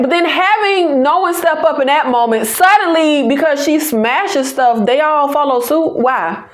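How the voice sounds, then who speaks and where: A Southern American woman with a fairly high voice talks straight to her viewers about movies. She is chatty and sassy, full of teasing asides as she reviews each film for her channel. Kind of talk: casual movie review to camera.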